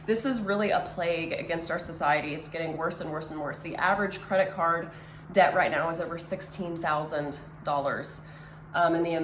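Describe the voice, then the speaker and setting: A woman's voice: mid-range voice, a bit bright. A woman, a money coach explaining finances in a casual, conversational way as she draws on a board. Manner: conversational, drawing as she explains, many fillers. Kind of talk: whiteboard financial talk. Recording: echoey room, faint ambient noise.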